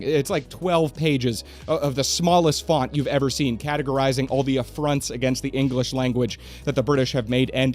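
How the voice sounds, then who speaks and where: A man's voice: mid-range voice, a little mellow. A man hosting a comedic scripted narration, sarcastic and exasperated, with swearing. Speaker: host.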